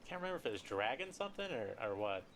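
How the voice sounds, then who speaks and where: Raspy-voiced man rambling over gameplay. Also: mid-range voice, very animated, rapid-fire, a bit bright, a little hiss or hum. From Colorado. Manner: rambling, joking asides. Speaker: game streamer. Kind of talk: casual gameplay commentary.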